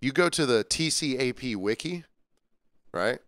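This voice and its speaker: A man's voice: medium pitch, animated, a little slow, a bit bright. A man co-hosting a podcast, chatting casually and telling stories with impressions of people. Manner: storytelling, mimics people. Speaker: podcast co-host. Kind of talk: casual chat.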